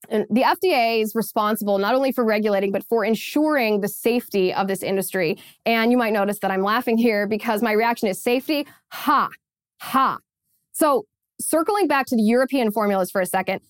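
A woman's voice: mid-range voice, dry recording. Woman podcast host, pointed and sarcastic, dry studio sound. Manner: emphatic, sarcastic, repeats phrases. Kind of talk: opinion commentary.

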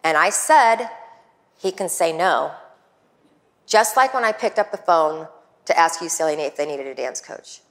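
A woman coach telling a lively personal story, acting out the people she quotes. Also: low voice, moderate pace. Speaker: guest coach. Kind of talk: storytelling talk.

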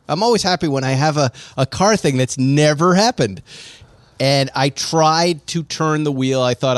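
Animated man telling a car story. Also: mid-range voice, no echo. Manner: animated storyteller acting out quoted voices. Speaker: podcast co-host. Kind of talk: casual chat, storytelling.

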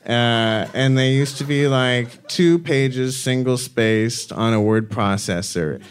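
A man's voice: medium pitch, takes it slowly, a little hiss or hum. A man from Arizona talking as a guest on a comedy talk show, rambling and self-deprecating, laughing often. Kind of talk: casual talk-show chat.

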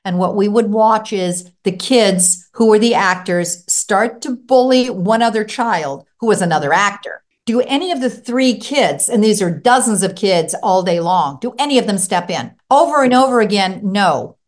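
Middle-aged woman, parenting expert guest, animated storyteller who acts out the voices she quotes. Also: normal speed, few pauses. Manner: acts out quotes with big pitch jumps.

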